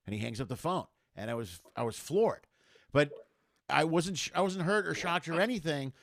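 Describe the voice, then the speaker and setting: A middle-aged man in casual chat, telling a story in an animated way and acting out the voices of the people in it. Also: medium pitch, quick pace, dry recording, clean studio sound. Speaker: comedian guest.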